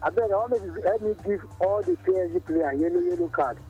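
A Nigerian man calls into a radio show in a high, rushed voice, eager and argumentative and tripping over his words. The phone audio is dull, with faint music behind. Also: husky. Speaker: caller.

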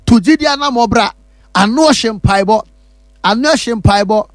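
A man's voice: very high-pitched, a little slow, dry recording, clean studio sound. A man with a Ghanaian accent, speaking as a pastor who gives testimony and church announcements in an emphatic, repetitive, preacherly way.

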